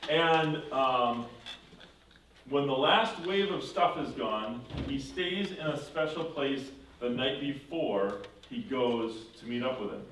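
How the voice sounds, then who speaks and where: A man teaching a confirmation class, retelling a story in a lively way, acting out the characters and correcting himself as he goes. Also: mid-range voice, slow pace. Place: church classroom. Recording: echoey room from far off with faint noise.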